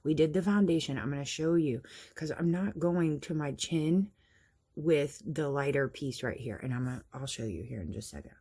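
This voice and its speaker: A woman's voice: low voice, lively intonation, normal speed, warm tone, husky. A woman chatting casually through a makeup tutorial, explaining each step and laughing at herself now and then. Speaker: makeup vlogger.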